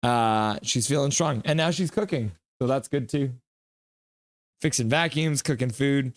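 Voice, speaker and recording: A male hockey streamer talks casually at a mid pitch, reading his chat aloud and now and then bursting into high shouted impressions of viewers. The sound is dry and close, with no room echo. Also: measured pace. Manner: chatty, reads viewer comments and acts them out in sudden high shouts. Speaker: hockey live-stream host.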